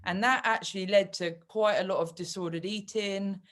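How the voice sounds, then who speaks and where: A woman's voice: mid-range voice, steady tone, moderate pace, a bit bright. Woman, podcast host, candid, conversational, laughing easily. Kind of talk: casual interview talk.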